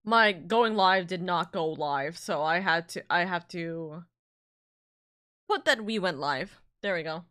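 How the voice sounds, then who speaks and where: Unhurried and lowish, with a slightly bright tone, a VTuber streamer's voice carries her casual live-stream chatter. She thanks chat messages as she reads them, drifting into asides that interrupt her own train of thought.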